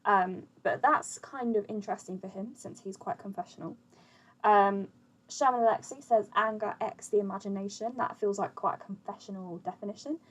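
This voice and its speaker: Young woman, poetry lesson, casual chatty explaining, lots of fillers, mid-pitched voice. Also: moderate pace, rough recording. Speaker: poetry teacher.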